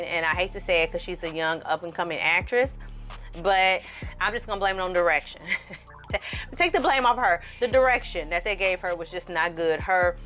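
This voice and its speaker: A low-voiced woman reviews to camera in a loose, candid way, blunt and rambling, with a slightly tipsy ease. Faint music plays quietly behind her. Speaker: film reviewer.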